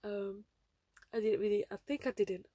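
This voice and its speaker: A woman's voice: medium pitch, little pitch movement, moderate pace, mellow, dry recording. A seventeen-year-old girl hosting her own podcast, chatting casually and rambling with lots of fillers. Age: teens. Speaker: podcast host. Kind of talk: casual solo podcast chat.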